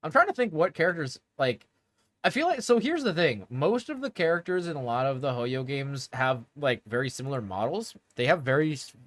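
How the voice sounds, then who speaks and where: A man's voice: fairly high pitch, very animated, fairly quick, no echo. A young man streaming and chatting casually with his viewers in a rambling way, laughing often.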